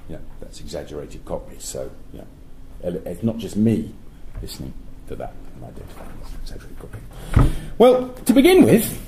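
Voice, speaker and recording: A middle-aged man giving an academic lecture at a university, explaining in a measured way and sometimes correcting himself mid-sentence. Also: on the low side, wildly swooping pitch, warm tone, a little hiss or hum, poor audio. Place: lecture hall.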